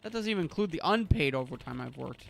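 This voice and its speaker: A man's voice: fairly high pitch, expressive, quick pace, creaky, a bit bright, slight background noise. A man voicing an overworked young male game director in an English game dub, complaining in a rattled, self-pitying way.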